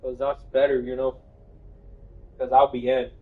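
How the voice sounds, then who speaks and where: A man streaming a video game live, reacting excitably, swearing and shouting. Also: medium pitch, a little slow, phone-quality sound. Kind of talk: live gaming stream commentary.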